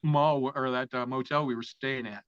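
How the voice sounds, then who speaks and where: A man's voice: medium pitch, fairly even intonation, moderate pace, a bit bright, clear, resonant tone, dry recording. Profane man telling a wild story. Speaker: interview guest. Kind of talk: storytelling in a casual interview. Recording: dull, dry lo-fi sound.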